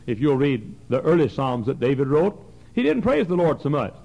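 A man in his forties preaching a fervent sermon in a church, his voice swinging from soft passages to loud, high bursts. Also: sing-song, normal speed, vocal fry, low-quality recording. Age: 40s. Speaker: pastor. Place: church sanctuary.

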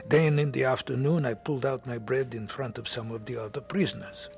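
A man's voice: medium pitch, steady tone, a little fast, creaky, soft background music. A man narrating a radio drama in the first person, earnest and heartfelt. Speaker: narrator and lead actor.

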